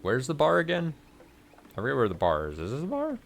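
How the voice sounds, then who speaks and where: A man's voice: medium pitch, wildly swooping pitch, brisk, creaky. A man giving casual let's play commentary, with wry, muttering, self-mocking asides as he plays.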